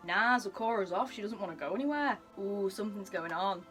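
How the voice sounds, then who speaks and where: A woman's voice: mid-range voice, expressive, a little fast, few pauses, fairly bright tone, faint music behind. A woman reacting to a comic as she reads it, gushing and giggly with lots of exclamations. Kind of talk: excited reading reaction.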